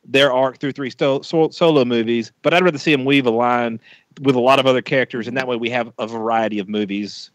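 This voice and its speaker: A man's voice: medium pitch, steady tone, a little fast, dry recording. Podcast guy, mid voice, stumbles and restarts, dry close sound. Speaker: podcast panelist. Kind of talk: casual fan discussion.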